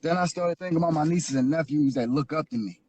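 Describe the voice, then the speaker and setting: A man's voice: a little high, quick pace, a little mellow, husky. A man from Philadelphia telling his life story as an interview guest, earnest and repetitive, building into preaching. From Philadelphia, USA. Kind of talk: emotional personal testimony.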